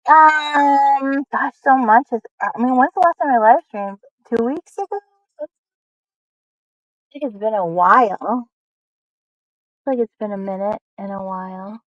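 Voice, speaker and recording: A woman's voice: mid-range voice, no echo, highs cut off. Young woman, live stream chat, rambling, many fillers, dry close sound. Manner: chatty, rambling, lots of fillers.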